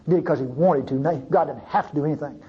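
Brief: male preacher, husky, animated sermon delivery, dull muffled recording. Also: on the high side, rapid-fire. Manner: animated, pleading, swings from loud to hushed.

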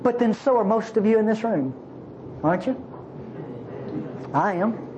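A woman preaches a sermon in a conversational, animated way, her voice climbing and dropping widely as she asks the congregation questions. The recording is slightly dull, with a faint hiss underneath. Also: medium pitch, measured pace.

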